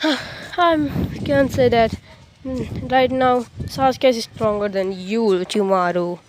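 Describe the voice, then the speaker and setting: A woman voicing a smug teenage boy ninja in a halting, filler-heavy retelling of a fan story. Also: a little high, fairly even intonation, slight background noise.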